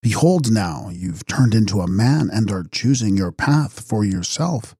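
A man voicing a calm, wise young seeker who speaks quietly and kindly, without mockery. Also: on the low side, a little slow, breathy edge, no room sound, studio quality, full character voice. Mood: gentle, resolved.

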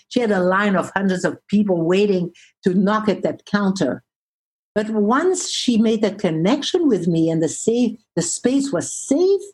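A woman, a relationship therapist, telling a story as an interview guest, expressive and slowing down for emphasis. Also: mid-range voice, breathy edge, poor audio.

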